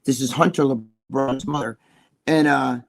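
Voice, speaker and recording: A man's voice: mid-range voice, fairly even intonation, a little slow, gravelly. A man telling stories as an interview guest in a loose, profane, rambling way, full of restarts. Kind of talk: casual storytelling.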